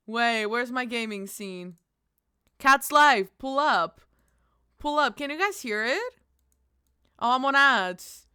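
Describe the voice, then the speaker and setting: Speaking slowly in a slightly high, sharp, clear and resonant voice, this bubbly young streamer giggles through casual chat with her viewers. She squeals her greetings and curses playfully, all in a dry, clean studio recording.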